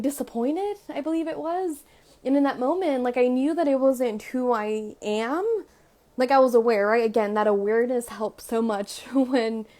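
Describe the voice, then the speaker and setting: A woman's voice: on the high side, dark tone. A young adult woman talking casually to camera about emotions, full of "like" and "right?". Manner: chatty, fills with "like" and "right?". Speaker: vlogger. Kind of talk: casual self-help talk.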